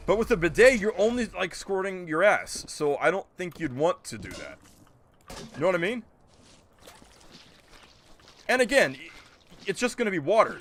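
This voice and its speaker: Male streamer, high voice, very animated pitch, joking, incredulous rants, casual. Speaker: gaming streamer. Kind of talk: casual live-stream chat.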